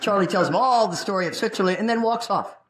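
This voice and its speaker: A woman's voice: mid-range voice, fast talker, a little hiss or hum. A middle-aged woman giving a recovery talk, brash and joking, acting out the people she quotes. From Texas. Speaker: recovery meeting speaker. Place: meeting room.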